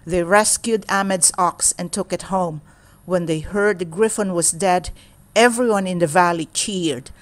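A woman reading a children's storybook aloud in a steady, clear storytelling manner. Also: on the low side, measured pace. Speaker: storybook reader.

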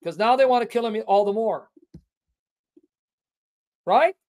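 A man hosting a Christian apologetics livestream, combative and taunting, calling out an opponent and stressing phrases slowly. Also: high voice, darkish tone. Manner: emphatic, with drawn-out stressed phrases.

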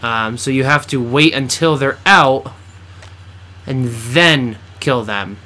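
A man's voice: medium pitch, takes it slowly, bright, forceful tone. A man giving blunt, teasing commentary while playing through a video game with a friend. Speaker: game co-host. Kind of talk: let's play commentary.

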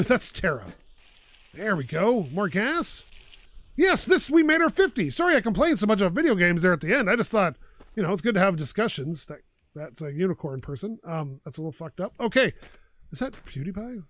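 A man's voice: sits high, very animated, moderate pace, fairly bright tone, no room sound. A man hosting his own gaming channel, chatting and ranting in an opinionated way while he plays. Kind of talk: casual gameplay commentary.

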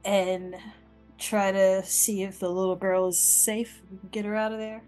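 A woman's voice: mid-range voice, level tone, a little slow, a little mellow, soft background music, rough recording. A woman playing in a tabletop game, speaking enthusiastically and assertively. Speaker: player.

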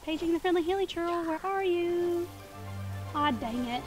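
Southern woman streamer, high bright voice, giggly, chatty, stumbles over words now and then. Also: moderate pace, music in the background. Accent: Southern US, Tennessee area. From southeastern United States. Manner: giggly, occasionally stutters and trips over words. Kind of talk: casual gaming stream chat. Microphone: desk microphone.

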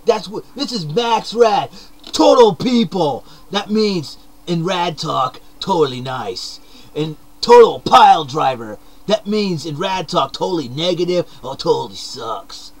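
Hyped, a young man plays an upbeat, hyper surfer dude with a mullet, delivering a shouty, excitable, slang-heavy comic monologue to camera. His voice is a little high and his pace unhurried.

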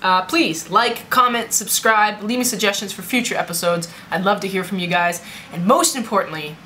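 A woman's voice: medium pitch, normal speed, bright, forceful tone, natural voice. Young woman putting on a playful Southern drawl. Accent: put-on Southern US. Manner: playful, rambling. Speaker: vlogger. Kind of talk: casual vlog chat. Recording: echoey room with background noise.

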